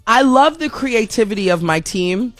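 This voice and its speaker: Casting: a fairly high-voiced man hosting a live stream, rambling and chatty, dry close sound, faint music behind. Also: lively intonation, moderate pace, fairly bright tone, no room sound. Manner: rambling, chatty, reads viewer chat aloud. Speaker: radio show host. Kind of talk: casual live-stream chat.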